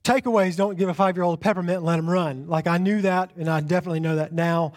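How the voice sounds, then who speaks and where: A young man, a pastor, preaching a sermon with an animated personal story and self-deprecating humor, often repeating his phrases. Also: high voice, fast. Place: church sanctuary.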